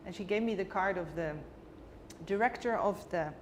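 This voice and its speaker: A woman's voice: medium pitch, normal speed. A woman guest telling a personal story vividly and emotionally in a conversation, acting out the dialogue. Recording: long reverb with faint background noise.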